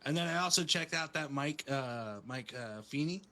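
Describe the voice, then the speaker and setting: Male podcast co-host, rambling and profane, bright forceful tone. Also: on the high side, lively intonation, moderate pace. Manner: rambling, profane, laid-back storytelling. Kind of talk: casual podcast chat.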